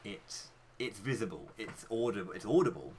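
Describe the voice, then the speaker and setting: A man's voice: lowish voice, expressive, normal speed, darkish tone, a little hiss or hum. A British man ranting passionately in casual live-stream commentary, swearing freely as he talks. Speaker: speedrunner and streamer.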